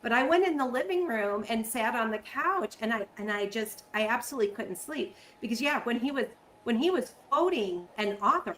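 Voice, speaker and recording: A woman hosting a casual interview, chatty and excitable. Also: a little high, normal speed, slight background noise, low-quality recording. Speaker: host.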